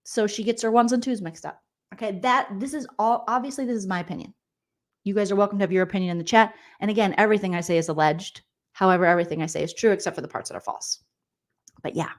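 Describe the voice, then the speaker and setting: A woman's voice: mid-range voice, fairly even intonation, quick pace. A woman hosting a live-stream recap of a reality show, chatting casually and joking with a sassy edge. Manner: sassy, joking, acts out quoted people.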